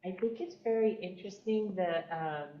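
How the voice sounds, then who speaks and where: A woman's voice: mid-range voice, normal speed. A woman adding to a group text study, hesitant and searching as she speaks. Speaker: participant. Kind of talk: discussion contribution. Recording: echoey, dull, faint noise.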